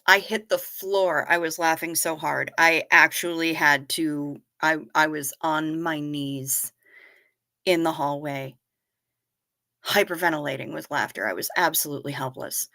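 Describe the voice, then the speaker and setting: Middle-aged woman, livestream host, casual animated storytelling, close dry sound. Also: deep voice, a little slow, gravelly, no room sound. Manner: animated storyteller, talks straight to viewers. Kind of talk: casual chat reading viewer comments.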